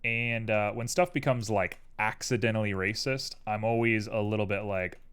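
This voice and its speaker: A man's voice: lowish voice, moderate pace, clean tone. A young man streaming live while he works on a 3D model, chatting casually and wandering off on tangents. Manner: rambling, tangential, animated. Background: keyboard clicks and typing.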